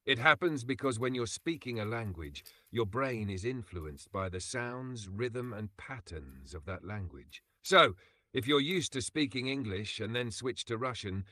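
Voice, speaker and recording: A synthetic male voice assistant giving calm, patient explanations in a smooth, even manner. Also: fairly low pitch, no echo. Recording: game sounds loud behind the voice.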